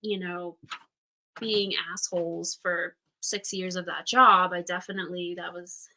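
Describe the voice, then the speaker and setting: Her voice sits on the low side, steady and unhurried with a sharp edge, captured on a rough recording. This thirtysomething from Utah, United States runs an informal astrology class over livestream, talking openly and chattily, cursing bluntly and acting out quoted voices.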